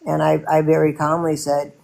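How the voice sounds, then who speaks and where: A woman talking casually in a live stream, telling her story in halting bursts with many restarts. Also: deep voice, monotone, vocal fry, warm tone. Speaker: podcast host and widow.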